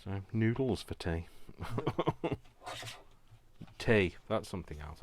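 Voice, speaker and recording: A deep-voiced British man chats casually at his craft table, rambling from one thing to the next and laughing often. A faint background noise sits under his voice. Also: animated, takes it slowly. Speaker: craft video host. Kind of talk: casual chat while crafting.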